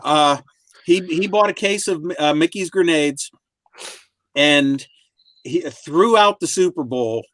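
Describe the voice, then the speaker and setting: Rambling man, slightly high, dry sound. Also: a bit bright, no echo. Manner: rambling recounting with filler pauses. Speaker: co-host. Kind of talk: casual chat. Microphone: video call.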